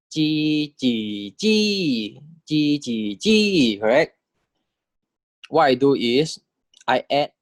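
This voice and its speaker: A man giving a lecture on tones, explaining step by step, checking in with the class and saying sample syllables aloud in swooping pitches. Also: no echo. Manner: explanatory, checks in with "right?" and "correct?". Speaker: language teacher.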